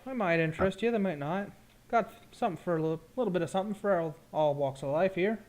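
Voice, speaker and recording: An easygoing stall merchant, voiced by the man running the game, chats in a loose sales patter. The voice is light and a bit high for a man. He speaks softly and casually, never pushing hard. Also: quick pace, close to an everyday voice. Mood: salesy. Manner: relaxed, chatty sales talk. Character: friendly, easygoing male market stall merchant.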